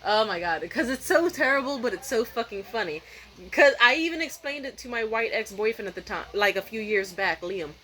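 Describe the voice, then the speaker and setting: A young woman vlogging at home at night, telling a story in a profane, animated rant and mimicking other people's voices. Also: fairly high pitch, a little fast, a little hiss or hum, rough recording. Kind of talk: casual vlog rant.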